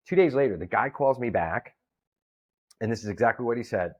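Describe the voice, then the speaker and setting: A man's voice: mid-range voice, brisk, husky, highs cut off. A man, telling a story in a casual interview and acting out the voices of the people in it. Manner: animated storyteller, acts out quoted voices. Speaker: guest comedian and promoter.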